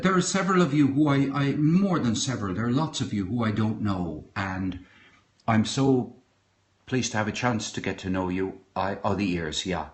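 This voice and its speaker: A middle-aged Irish man chatting casually on a live stream from his kitchen, rambling and halting with many fillers and restarts. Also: fairly low pitch, slightly rough. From Ireland. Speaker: podcaster. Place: home kitchen.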